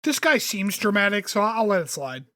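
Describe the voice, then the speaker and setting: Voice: mid-range voice, very animated, moderate pace, sharp tone. A podcast co-host ranting casually with lots of swearing and emphatic complaints. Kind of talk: casual chat.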